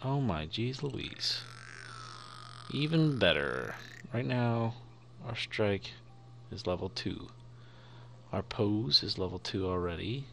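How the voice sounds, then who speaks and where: A man's voice: fairly low pitch, expressive, slow pace, gravelly, slight background noise. A young man giving playful let's-play commentary, chatting to the creatures on screen as he plays. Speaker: gaming YouTuber.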